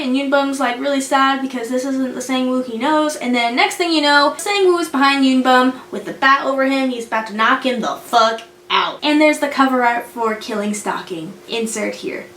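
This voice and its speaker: A woman's voice: high-pitched, fairly quick, few pauses, fairly bright tone. A young woman giving a casual spoken anime review in a blunt, profane, exasperated way. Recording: roomy echo, faint noise.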